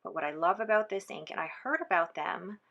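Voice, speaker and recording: Woman, slightly low, chatty, enthusiastic, slips into near whispers, vlog at her desk. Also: expressive, fairly quick, creaky, muffled recording. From born in the Philippines. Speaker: stationery vlogger. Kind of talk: casual ink swatching chat.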